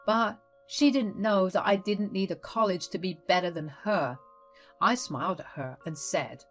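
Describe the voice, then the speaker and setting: A woman narrating a first-person family story in a dramatic, lively way. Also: mid-range voice, a little slow, soft background music.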